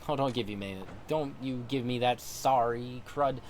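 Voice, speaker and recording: A man voicing a bullying old samurai thug with a gruff, sneering way of talking. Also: medium pitch, normal speed, a little hiss or hum, close to an everyday voice. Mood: scolding.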